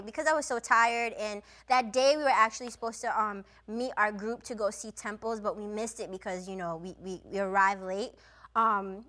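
A woman's voice: a little high, pushed and bright. A young woman hosting a cooking show, chatting casually and telling a travel story while she cooks, with lots of "like" and "you know".

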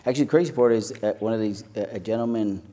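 Man, Irish accent, young adult, animated storyteller, fairly low voice, faint background hiss. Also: rapid-fire. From Ireland. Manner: lively storyteller, jokey and animated. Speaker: actor on a panel. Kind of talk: casual panel chat. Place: panel stage at a screening venue.

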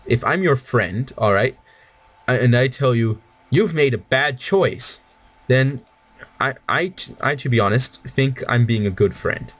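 A man's voice: mid-range voice, lively intonation, a little slow. A young man giving rambling, casual commentary while playing a game, with many fillers and restarts. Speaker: gaming video creator.

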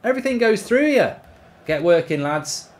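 A man streaming a football video game, reacting loudly, swearing and cheering at the play. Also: sits high, normal speed. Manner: excitable, swears, shouts at the game. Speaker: gaming streamer. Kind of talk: live football game commentary.

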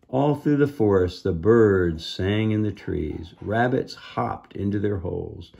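A man reading a children's book aloud, adding gentle asides to explain the lesson. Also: lowish voice, animated, a little slow, vocal fry, few pauses. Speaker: reader.

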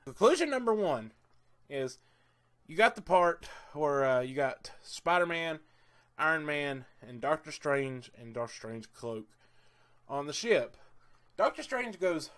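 A man's voice: fairly high pitch, unhurried. A man giving a casual movie review vlog, enthusiastic and rambling, with lots of "uh"s and "I mean"s. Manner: excitable and laughs easily.

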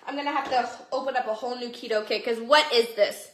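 A woman's voice: a little high, fairly even intonation, fast talker, few pauses. A woman hosting a casual livestream from home into a phone, chatty and bubbly as she greets viewers by name. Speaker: livestream seller. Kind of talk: casual livestream sales chat. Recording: echoey room.

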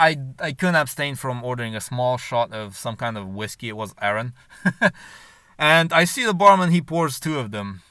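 A man's voice: mid-range voice, sharp tone, clear, resonant tone, dry recording. A young man telling a story in a casual, rambling and crude way, mocking himself.

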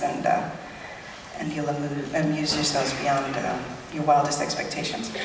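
A woman talks to a concert crowd in a halting, wry way, full of pauses and small jokes at her own expense. Her voice is heard from a distance through a large, booming hall. Crowd noise sits clearly under her. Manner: hesitant, many fillers, wry self-mocking asides. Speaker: singer on stage. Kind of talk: stage talk to a concert audience.

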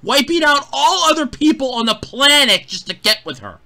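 A man with a bright, forceful tone gives an exasperated review as a profane rant. His pitch leaps around in lively swings, and his sarcasm is heavy. He talks into a home mic. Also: moderate pace, gravelly. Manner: exasperated, sarcastic, swears freely. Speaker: show reviewer.

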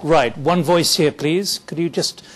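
A man with a fairly high voice moderates a panel discussion. He is brisk and directive as he calls on speakers from the floor. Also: steady tone.

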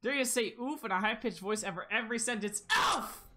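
A streamer giving excitable live commentary while playing a shooter, yelping and talking to chat. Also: mid-range voice, fast. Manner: excitable, yelps and laughs, talks to chat.

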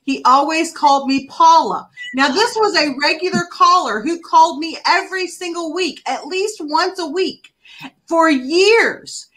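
A woman hosting a live-stream chat over a video call, chatty and animated as she tells stories. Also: extremely high pitch, measured pace, rough recording. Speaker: talk show host.

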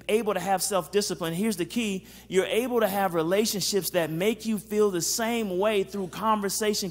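Male psychologist, high-pitched, lively faith-based teaching talk with audience check-ins, long hall reverb. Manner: animated, checks in with the audience, acts out quotes.

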